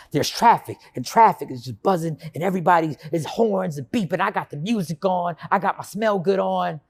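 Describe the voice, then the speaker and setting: Animated man telling his own story. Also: high voice, gravelly. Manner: animated, acts out his own past self and inner voices. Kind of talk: personal storytelling monologue.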